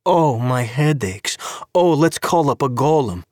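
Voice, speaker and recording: A man voicing a sharp-tongued woman KGB agent and sorceress in an audio story, mocking and scolding. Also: medium pitch, expressive, normal speed, slightly rough, no echo, studio quality, voice pushed up.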